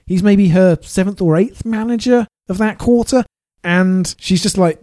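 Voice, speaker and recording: A man's voice: high-pitched, a little slow, dark tone. A man co-hosting a podcast in casual chat, wry and often laughing. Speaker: podcast co-host.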